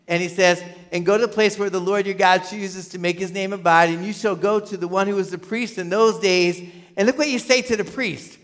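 Male pastor, sermon, high voice, animated delivery, long hall reverb. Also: a little fast. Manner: animated, rising to emphatic peaks and dropping to quiet asides. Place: church hall.

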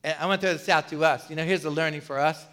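A man preaching a sermon in a conversational, energetic way, often restarting his words. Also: on the high side, very fast. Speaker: pastor.

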